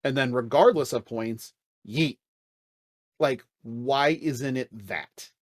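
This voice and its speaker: A man's voice: mid-range voice, slow, dry recording, studio quality. A man co-hosting a casual podcast, ranting in a blunt, exasperated way with frequent swearing. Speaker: podcast co-host. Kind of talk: casual chat.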